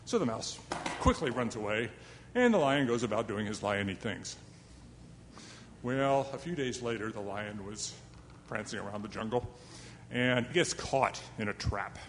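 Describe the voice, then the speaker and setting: A man's voice: on the low side, lively intonation, normal speed, fairly bright tone, in a large hall, slight background noise. A man telling a fable to a young live audience in a chatty, self-deprecating way, with asides to his listeners. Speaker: storyteller.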